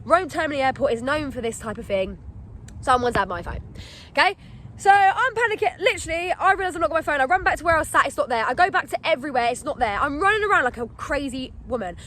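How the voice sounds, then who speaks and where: A young woman telling a storytime vlog to her phone camera outdoors, animated and acting out her own panic. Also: high-pitched, quick pace, slight background noise. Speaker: vlogger. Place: outdoors in wet weather.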